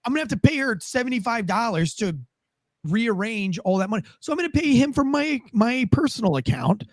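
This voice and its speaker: Profane high-voiced male podcast host. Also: fairly quick, no room sound. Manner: profane, rambling, animated. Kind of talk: casual political commentary.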